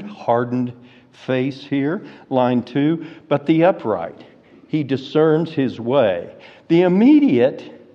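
A man preaching an expository sermon, slow and deliberate, rising to fervent emphasis. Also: mid-range voice. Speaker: pastor. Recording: reverberant hall, dull lo-fi sound.

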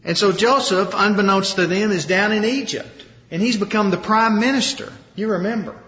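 A man preaching a sermon, retelling a story with lively acted-out quotes. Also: high-pitched, moderate pace. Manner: animated storytelling, acting out quoted lines. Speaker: pastor. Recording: roomy hall, dull lo-fi sound.

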